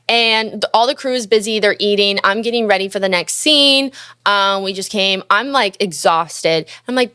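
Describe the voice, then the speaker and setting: A clear, resonant, medium-pitched voice at a moderate pace belongs to a young female podcast host and musician. She tells her story casually, profane and animated, acting out dialogue, in a studio-quality recording with no echo.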